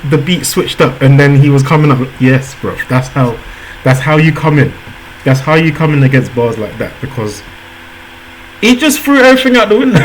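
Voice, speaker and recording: A man hosting a casual reaction video, talking excitably, laughing often and repeating himself. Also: medium pitch, a little hiss or hum, poor audio.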